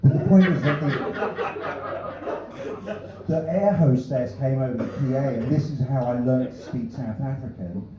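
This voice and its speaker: A man works through a stand-up set in a small comedy club, dropping dry puns and offhand asides. His mid-pitched voice reaches the mic from a distance, and the room's echo leaves the sound a little dull. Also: normal speed, pauses often, a crowd in the background. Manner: dry punning one-liners with offhand asides. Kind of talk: stand-up set testing new jokes. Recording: echoey room, distant, slightly dull.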